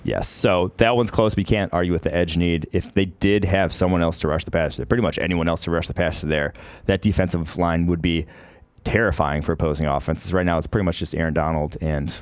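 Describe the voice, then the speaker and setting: A man on a casual sports podcast, talking through draft picks in a measured, analytical way. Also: low-pitched, steady tone, no room sound.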